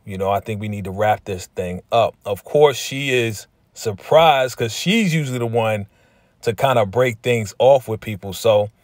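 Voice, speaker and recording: A man hosting a casual TV episode recap in a slangy, lively way, often slipping into quotes from the characters. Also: lowish voice, moderate pace, no echo. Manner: slangy, with frequent "right?" and "you know". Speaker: TV recap host.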